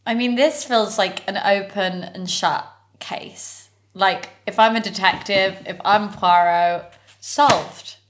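A woman's voice: mid-range voice, takes it slowly. A woman co-hosting a podcast from London in casual chat, giggly and full of fillers. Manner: chatty, giggly, many fillers. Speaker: podcast co-host.

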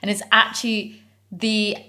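A woman's voice: mid-range voice, level tone, unhurried, pushed and bright. A young woman with a British accent co-hosting a podcast in casual chat, laughing often and saying "like" constantly. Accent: British English. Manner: chatty, laughs often, heavy filler "like". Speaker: podcast co-host.

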